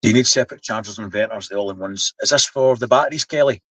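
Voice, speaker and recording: A man's voice: fairly low pitch, rapid-fire, slightly rough, no echo, low-quality recording. A man in his seventies with a Scottish accent, chatting casually on a live stream, explaining things while he reads the chat. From Scotland. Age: 70s. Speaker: livestream host.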